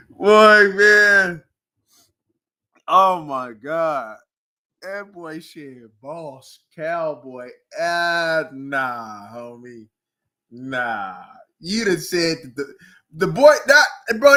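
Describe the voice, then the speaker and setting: A man, ranting casually about football, animated and mocking, often breaking into laughs and loud outbursts. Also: a little high. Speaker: sports commentator. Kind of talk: casual sports rant. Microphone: streaming mic.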